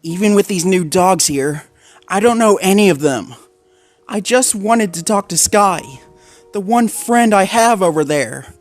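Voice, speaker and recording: Man doing an anxious young female husky. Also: high voice, animated, unhurried, dry recording, faint music behind, pitched above the performer's own voice. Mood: worried, pleading. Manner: pleading, then panicked and crying.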